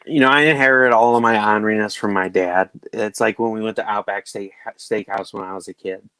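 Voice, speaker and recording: A man in his thirties with a lowish voice tells family stories on a casual podcast chat. He talks in an animated way and jumps into different voices when he quotes his kids. The sound is dry and close to the mic. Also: fairly quick, clean tone, no room sound, poor audio. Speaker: podcast host.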